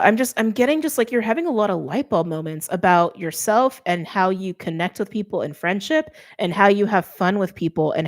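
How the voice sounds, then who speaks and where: A middle-aged woman giving a casual tarot reading, chatty and thinking aloud with many fillers. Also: on the low side. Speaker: tarot reader.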